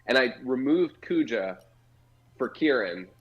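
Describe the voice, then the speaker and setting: A man's voice: medium pitch, animated, a little slow, dull audio. A man guesting on a game stream, chatting casually and thinking aloud as he recalls things.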